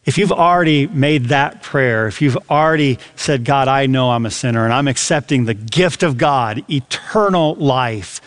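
A male radio preacher speaking with earnest conviction. He draws out his key words for weight. His voice sits at a middle pitch. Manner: earnest, deliberate emphasis with slowed key words. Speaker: radio program host. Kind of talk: sermon.

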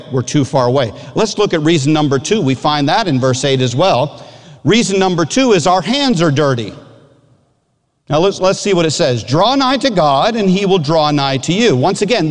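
A man in his fifties from Michigan, a pastor preaching a sermon with lively acted-out illustrations and sudden shouts. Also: fairly high pitch, big-room sound.

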